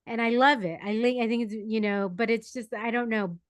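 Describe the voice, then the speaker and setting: Higher-voiced woman host, dry close sound. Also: brisk, no echo. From San Diego, United States. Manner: curious, asks questions, laughs along easily. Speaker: podcast host. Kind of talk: casual interview chat.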